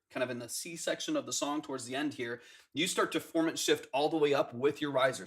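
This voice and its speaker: A man talks at a brisk clip, sitting a touch higher than most men as he breaks down a track's vocal and arrangement. His delivery is technical and eager, loose and full of fillers, like a producer riffing on a livestream. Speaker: music producer giving track feedback. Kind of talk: livestream feedback chat.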